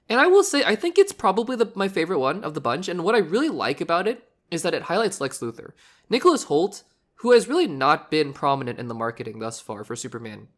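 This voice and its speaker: A man hosting a solo movie podcast, hoarse from recently losing his voice, talking in a rambling, animated way with frequent restarts. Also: a little high. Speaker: podcast host.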